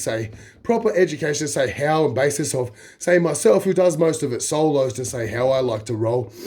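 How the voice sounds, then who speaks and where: A man's voice: a little high, darkish tone. An Australian man talking casually to camera, rambling with many fillers. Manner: rambling, fills with "say" and "like". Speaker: vlogger.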